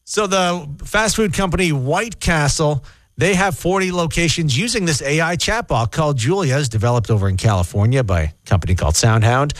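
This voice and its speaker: A man's voice: on the high side, fairly quick, no room sound. A man hosting a morning radio show, bantering and teasing his co-host. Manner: teasing, lively.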